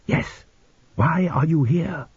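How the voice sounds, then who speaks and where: A man's voice: a little high, slow, a little mellow, breathy edge, dry recording, pitched above the performer's own voice, heavily acted. A man reading an audiobook voices a young male rescuer who talks with dry, wry understatement. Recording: dull lo-fi audiobook recording.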